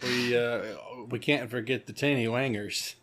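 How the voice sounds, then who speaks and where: Laughing, animated male podcast co-host. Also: mid-range voice, a little slow. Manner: animated storyteller, laughs often, acts out quotes. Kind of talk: casual movie-review chat.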